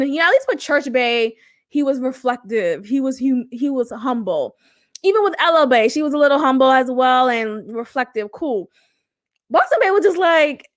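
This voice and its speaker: Young woman, high-pitched, candid casual storytelling, swears freely, dry recording. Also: dry recording. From Haiti. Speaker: podcast host.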